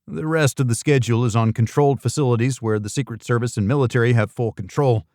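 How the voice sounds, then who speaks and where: A man reads a first-person thriller audiobook at a steady, even pace with a wry edge. His voice sits at a middling pitch, and the recording is dry and close, with no room sound. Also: quick pace, no echo. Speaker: audiobook narrator.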